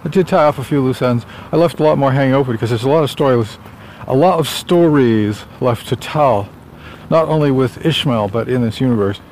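A man's voice: medium pitch, brisk, few pauses, darkish tone. Man, casual walking vlog, chatty and rambling, slightly winded, outdoors, faint street noise. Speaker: author vlogging on a walk. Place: outdoors on a sunny suburban street.

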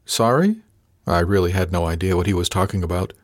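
A man reading a first-person novel aloud as an audiobook narrator, measured and lightly voicing the characters. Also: low-pitched, flat delivery, dry recording, studio quality.

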